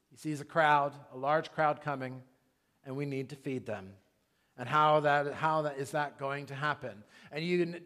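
Man in his thirties, slightly high voice; casual, lively sermon delivery. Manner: conversational, animated preaching with asides. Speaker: pastor.

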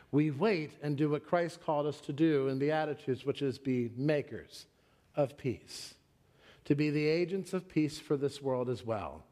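A middle-aged man preaching a sermon as pastor, telling a story and acting out the quotes in it. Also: warm tone. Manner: storytelling, acts out quotes with raised pitch.

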